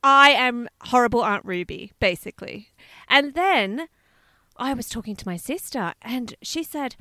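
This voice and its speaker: A woman co-hosting a chatty podcast, bubbly and quick to laugh. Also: a little high, dry recording, clean studio sound. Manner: bubbly, laughs often, excitable. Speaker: podcast co-host. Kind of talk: casual chat.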